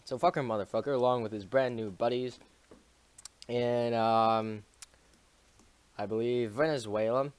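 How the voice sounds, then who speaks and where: Man, casual history recap, heavy swearing, jokey asides, middle pitch, dry close sound. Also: fairly even intonation, measured pace, long pauses, clear, resonant tone, no room sound. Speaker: streamer summarizing a history chapter. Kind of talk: casual profane history summary.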